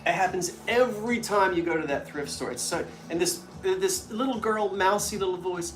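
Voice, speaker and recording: A woman's voice: mid-range voice, normal speed, hardly any pauses, recorded from a distance. A woman hosting a live stream on antiques, chatting casually and telling stories. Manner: chatty, animated storytelling. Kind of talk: casual chat. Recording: echoey room with faint music.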